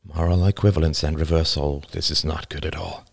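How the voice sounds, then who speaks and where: A man's voice: a bass voice, steady tone, fairly quick, creaky, full character voice. A man voicing a frightened young woman who speaks nervously, in a storybook reading. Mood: anxious. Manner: nervous and uneasy.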